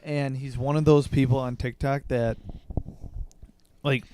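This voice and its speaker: A man's voice: medium pitch, flat delivery, unhurried, a little mellow, a little hiss or hum. A young man co-hosting a podcast, chatting in a laid-back way and rambling through anecdotes. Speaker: podcast co-host. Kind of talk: casual chat.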